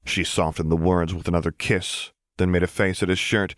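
Deep-voiced wry male narrator. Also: little pitch movement, dry recording, clean studio sound. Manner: wry, measured. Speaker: audiobook narrator. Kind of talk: fan fiction narration.

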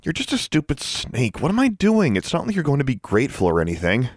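A man's voice: lowish voice, quick pace, clean tone, dry recording, studio quality, natural voice. A man voicing an exasperated teenage girl witch who mutters to herself in a self-mocking way. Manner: muttering to herself, half-annoyed.

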